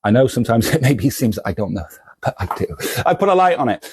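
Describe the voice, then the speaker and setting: A man's voice: mid-range voice, big pitch swings, fast talker, a little mellow, slightly rough, no room sound. A man who sells comics, talking in a casual vlog, rambling and self-deprecating as he does a kitchen science demo. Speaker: comic shop seller.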